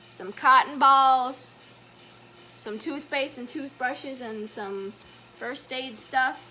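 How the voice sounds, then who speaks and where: A woman story time educator reads a picture book aloud to young children, chatty and gentle. Her voice is high and bright, and she takes her time, stopping to point things out on each page. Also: a little hiss or hum.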